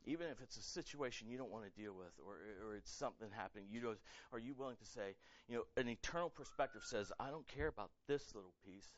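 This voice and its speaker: A male pastor preaching a sermon in a casual, animated way, acting out quotes and repeating words as he talks. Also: medium pitch, quick pace, few pauses, lo-fi sound. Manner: animated, conversational, acts out quotes, many fillers and repeats.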